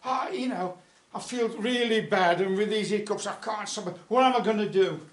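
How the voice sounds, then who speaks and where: A man voicing a hungry male whale in a told folk tale, high and loud and plaintive. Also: normal speed, far from the mic, natural voice. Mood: miserable. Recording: echoey folk club room.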